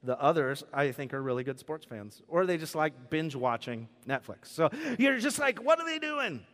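A man's voice: fairly high pitch, sing-song, normal speed, a bit bright. A male pastor giving a casual, joking sermon and acting out quoted voices. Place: church sanctuary. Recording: preached in a large reverberant hall.

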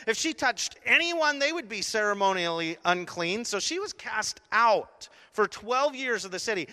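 A male pastor preaching a sermon, acting out scenes in an animated way with sudden loud outbursts and quiet, hushed asides. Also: sits high. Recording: long reverb of a large hall.

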